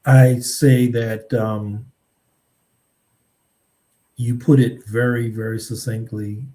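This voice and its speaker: A man who is a writer and a podcast guest, speaking in a measured, thoughtful way with frequent pauses and ums. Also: medium pitch, little pitch movement, dark tone. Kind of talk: reflective podcast conversation.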